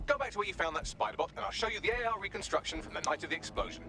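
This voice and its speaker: A brisk, high-pitched game hacker. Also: male voice, pushed and bright. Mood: focused. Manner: quick, businesslike instructions. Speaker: video game character. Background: game music.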